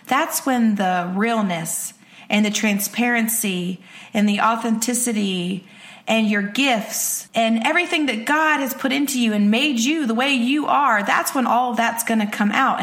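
A woman in her forties hosting a podcast, giving an energetic, candid motivational talk and repeating phrases for emphasis. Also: on the high side. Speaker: podcast host.

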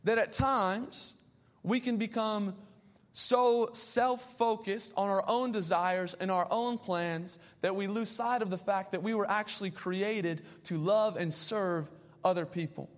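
A young adult man preaching a sermon as pastor, telling a story with animated, playful asides. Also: sits high, measured pace. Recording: long hall reverb.

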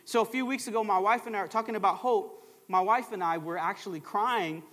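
A man's voice: sits high, fairly quick, a bit bright, in a large hall. A middle-aged man, a pastor, preaching a sermon in a church with emphatic call-and-response phrases. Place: church sanctuary.

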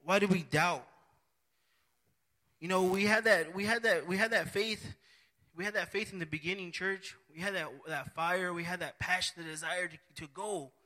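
Earnest high-voiced man preaching. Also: bright, forceful tone. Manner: repetitive, earnest, halting restarts. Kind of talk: sermon.

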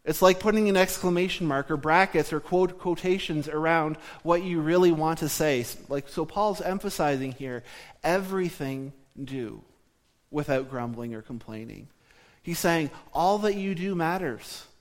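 A man from southern Ontario preaching a sermon, speaking in a measured teaching tone that slows down for emphasis. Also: on the high side.

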